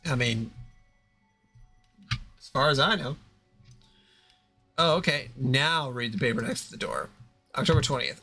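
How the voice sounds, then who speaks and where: Bright-voiced man reading a story game aloud. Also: medium pitch, animated, measured pace, long pauses, soft background music. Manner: reads narration plainly, breaking into asides and laughter. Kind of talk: casual reading aloud on a livestream.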